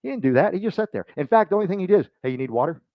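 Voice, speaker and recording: A man's voice: high-pitched, lively intonation, rapid-fire, no room sound, muffled recording. A man giving a loose, joking motivational talk to a room, rambling and acting out the voices he quotes. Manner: rambling, self-mocking, acts out quoted voices. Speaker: speaker at a business meeting.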